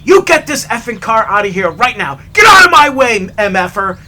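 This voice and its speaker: A man voicing an angry, aggressive male road-rage thug who shouts threats. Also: monotone, moderate pace, a little hiss or hum. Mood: furious yelling. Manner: shouting, high and strained.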